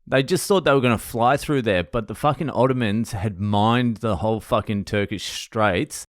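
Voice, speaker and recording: Aussie guy ranting history, swears nonstop, lowish voice, dry close sound. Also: normal speed, no room sound. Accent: Australian. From Australia. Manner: crude, swears constantly, rambling storytelling. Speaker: podcast host. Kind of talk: casual monologue.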